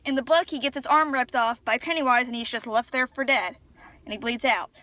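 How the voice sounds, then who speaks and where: Chatty woman vlogger, bright and sharp-toned, rambling excitedly into a phone. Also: fairly high pitch, fairly quick, no room sound. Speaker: vlogger reviewing a film. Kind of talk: casual chat. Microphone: phone camera.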